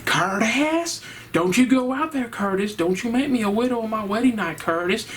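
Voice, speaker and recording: A man's voice: high voice, animated, normal speed, fairly bright tone, distant mic, a little hiss or hum, voice pushed up. A man putting on the voice of a whining young newlywed woman with a Southern country accent. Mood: whiny. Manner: whining, nagging.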